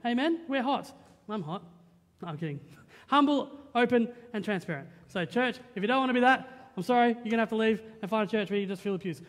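High-voiced Australian pastor preaching in a reverberant hall. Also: male voice, fast talker, few pauses. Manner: lively, joking, conversational, keeps asking "right?". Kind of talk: sermon. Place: church auditorium. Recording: long reverb of a church hall.

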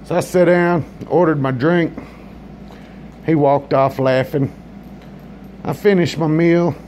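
Slow-drawling man telling a story. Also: fairly high pitch, steady tone, darkish tone, slight background noise. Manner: laid-back drawl, addresses listeners directly. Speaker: comedian. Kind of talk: comic storytelling.

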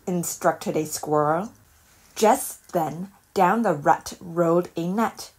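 A woman reading a children's picture book aloud in a calm, measured storytelling voice. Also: fairly low pitch, very noisy. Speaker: storybook reader.

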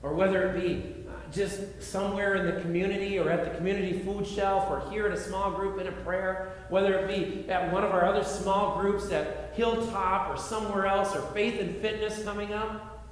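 A man pastor preaching a sermon in an earnest way, repeating phrases and shifting between loud appeals and quiet reflection, in a large church sanctuary. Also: sits high, steady tone, normal speed. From United States. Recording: echoey hall, faint background noise.

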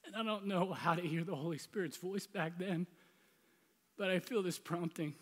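A man's voice: high-pitched, normal speed. A middle-aged man preaching a storytelling sermon, humorous and self-deprecating, often laughing at himself. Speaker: pastor. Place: large church sanctuary. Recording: reverberant church hall.

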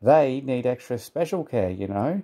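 A man's voice: mid-range voice, animated, a little slow, warm tone. A man voicing a conceited, sulky male steam engine in a haughty tone.

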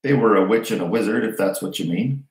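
A man's voice: lowish voice, fast, distant mic, lightly acted. A man voicing an earnest young orphan wizard boy. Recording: roomy echo.

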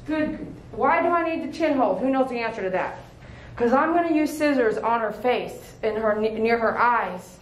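A woman dog groomer teaching puppy handling in a hands-on demonstration, firm and coaxing, with short repeated commands and praise. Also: a little high. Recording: echoey room with faint background noise.

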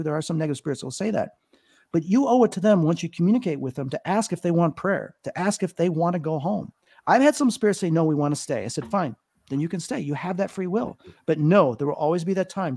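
A man's voice: fairly high pitch, a little mellow. A man in his fifties, a guest on a podcast interview, telling stories in an earnest, emotional way with many fillers. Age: 50s. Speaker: psychic medium guest.

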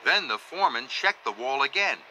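A man narrating a children's storybook in a lively, deliberate manner. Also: mid-range voice, slight background noise, poor audio. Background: background music.

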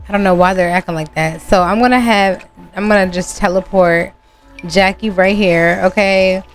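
A woman hosting a gaming channel, narrating her gameplay casually to viewers with sudden high exclamations. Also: fairly even intonation, normal speed, soft background music.

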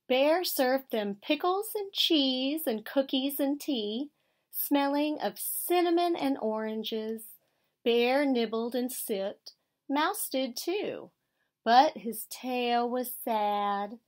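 An American woman teacher reading a picture book aloud to children, gently explaining words as she goes. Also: fairly high pitch. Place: school.

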